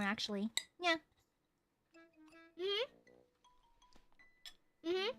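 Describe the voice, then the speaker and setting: Woman streamer, high bright voice, playful teasing chat, soft music behind. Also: big pitch swings, slow, long pauses. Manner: playful, teasing, swings between loud squeals and low mutters. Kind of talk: casual chat with viewers.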